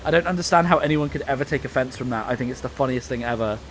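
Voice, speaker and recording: A man's voice: medium pitch, racing, slight background noise. A young British man chatting casually while playing a game, rambling with lots of fillers and frequent laughter. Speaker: gaming co-host.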